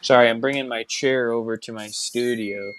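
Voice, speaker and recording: A man's voice: medium pitch, steady tone, normal speed, a little hiss or hum. A man hosting a casual chat, playful and goofy, trying silly voices.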